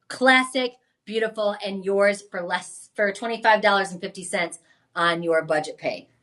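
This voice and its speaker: A woman hosting a live home-shopping show, pitching jewelry in an enthusiastic, chatty way with frequent exclamations. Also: fairly bright tone. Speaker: shopping channel host.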